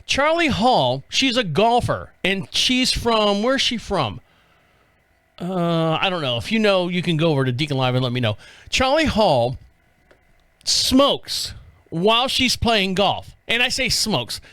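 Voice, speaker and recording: A man's voice: high-pitched, very animated, unhurried, a bit bright, clean tone, dry recording. A male podcast host giving loose, rambling commentary and swearing freely. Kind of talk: casual commentary.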